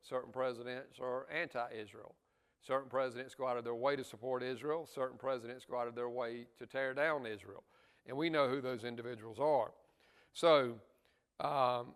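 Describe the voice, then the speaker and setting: A man's voice: medium pitch, a bit bright, smooth, big-room sound. A man teaching a Bible study lesson in a church, earnest, stressing key words and adding asides to the class.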